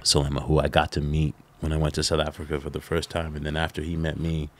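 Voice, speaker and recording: A middle-aged man, a podcast guest, telling stories in a casual interview, animated and laughing, with lots of "like" fillers. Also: very deep voice, fast talker, dry recording.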